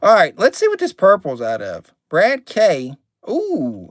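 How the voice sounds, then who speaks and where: Man, card break streamer, slightly high voice, dry close sound, chatty. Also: huge pitch swings, a little slow, hardly any pauses, no room sound. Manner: chatty, reads names and card numbers, gets irritated.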